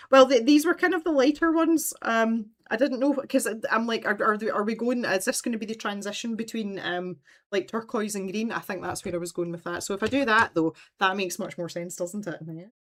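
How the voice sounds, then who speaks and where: A woman chats casually as she hosts a craft livestream. She tells long, roundabout stories in an easy, conversational way and reads out comments from her viewers. Her voice sits at a middle pitch. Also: brisk. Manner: rambling, chatty storytelling, reads out viewer comments.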